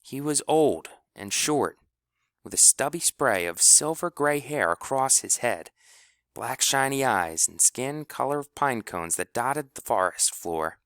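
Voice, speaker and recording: Man reading a story, lively and expressive. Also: medium pitch, a little slow, dry recording, studio quality. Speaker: audiobook narrator. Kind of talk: audiobook narration.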